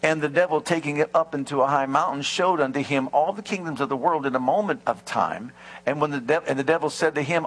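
A man's voice: a little high, fast, poor audio. A male preacher giving a sermon, telling a healing story with quoted voices and reading scripture aloud. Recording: mains hum behind.

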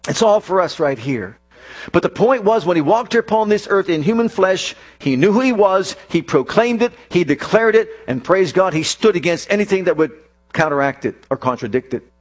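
Emphatic male preacher, higher voice. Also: expressive, moderate pace. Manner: emphatic, repetitive declarations. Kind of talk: sermon.

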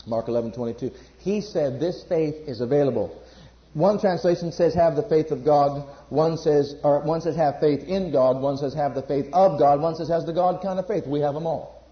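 A man preaching a sermon, emphatic, jumping between loud bursts and quiet asides. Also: fairly high pitch. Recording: echoey room, dull lo-fi sound.

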